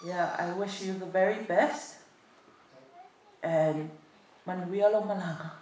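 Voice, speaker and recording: A woman speaks a heartfelt farewell at a memorial, moving between English and an island language. She talks slowly and unhurriedly. Her voice comes from some way off the mic and rings around a big reverberant hall. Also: fairly low pitch, fairly even intonation, darkish tone, recorded from a distance. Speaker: family member speaking at a memorial service. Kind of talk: tearful farewell speech. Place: large echoey hall at a family service.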